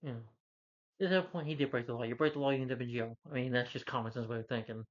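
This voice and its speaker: A man's voice: medium pitch, fairly even intonation, lo-fi sound. Rambling man recapping a movie. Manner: rambling, with many fillers, quick quoted lines of characters. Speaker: movie reviewer. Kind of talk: casual film recap.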